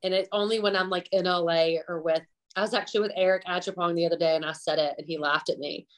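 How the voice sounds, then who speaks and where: A woman's voice: fairly low pitch, fairly even intonation, fast. A woman with a Southern US accent from the Gulf South, a chef chatting candidly as a podcast guest and laughing often. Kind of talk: casual interview chat.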